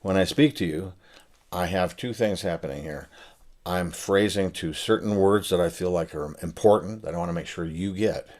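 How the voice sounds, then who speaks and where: An older man explaining musical phrasing in a relaxed spoken lesson, pausing with fillers as he thinks aloud. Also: deep voice. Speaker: saxophone teacher and author. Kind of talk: casual spoken lesson to camera.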